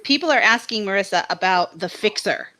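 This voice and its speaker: Woman running a panel call, bright sharp voice, fires off quick questions. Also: medium pitch, expressive.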